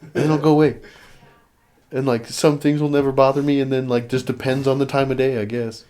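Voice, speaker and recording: A man's voice: mid-range voice, flat delivery, fairly quick, darkish tone. A young man hosting a podcast, chatting casually and rambling with lots of fillers. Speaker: podcast host. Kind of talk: casual chat.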